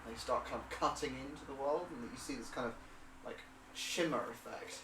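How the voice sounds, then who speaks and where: A man's voice: medium pitch, a little fast, noisy background. A man narrating a tabletop game as game master, rambling with many fillers and hesitations. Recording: roomy and distant.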